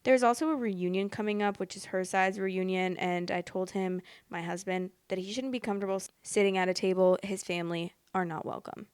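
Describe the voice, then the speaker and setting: Expressive young woman podcast host, dry close mic. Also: mid-range voice, brisk, few pauses, smooth, no room sound. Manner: expressive, reads posts aloud then reacts bluntly. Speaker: podcast host reading stories. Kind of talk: casual storytime reading.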